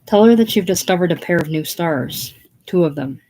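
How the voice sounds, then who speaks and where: A woman's voice: on the low side, lively intonation, normal speed, warm tone, close to an everyday voice. A woman reading the part of a pushy, ambitious young man who hisses his demands. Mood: demanding. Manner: hissing, insistent. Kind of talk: casual play reading.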